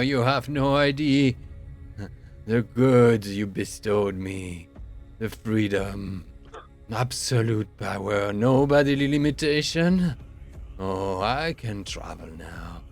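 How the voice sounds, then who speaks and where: A man voicing a frail elderly noble man, possessed and pompous, who speaks with an otherworldly command in a tabletop game over an online call. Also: fairly low pitch. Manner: haughty, commanding.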